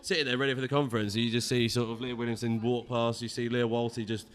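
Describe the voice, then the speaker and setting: A man with a mid-range voice tells stories quickly and with animation. He is a panelist on a football fan podcast. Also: medium pitch. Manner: animated, storytelling. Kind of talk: casual chat.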